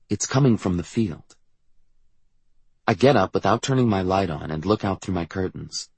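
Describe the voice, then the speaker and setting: A man reads an audiobook in the first person, his delivery rising and falling with lively expression. His voice sits a little low and has a husky grain. The recording is dry and close. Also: dry recording. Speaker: audiobook narrator. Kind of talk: audiobook narration.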